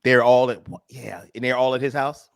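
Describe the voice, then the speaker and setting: A man's voice: medium pitch, vocal fry, no room sound, studio quality. A man hosting a comedy radio show, joking and laughing in casual banter with his guests. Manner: animated, joking, quick to laugh. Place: radio studio.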